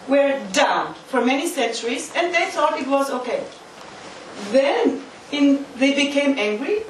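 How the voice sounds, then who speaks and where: A woman with a high voice gives an interactive lecture in an echoey hall, speaking emphatically and using volunteers for demonstrations. She is recorded from far away, with faint background noise.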